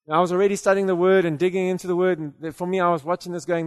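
A man with a high voice preaches, his words ringing in a hall with a long reverb. He talks in a loose, conversational way, stumbling over repeated words, then rises to forceful declarations. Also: level tone, very fast, clean tone. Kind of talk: sermon.

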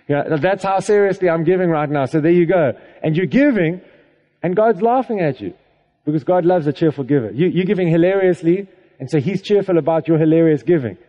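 A man's voice: on the high side, animated, a little fast, muffled recording. A man preaching a sermon to a congregation in a casual, conversational way, checking in with them often and laughing along. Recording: echoey hall reverb.

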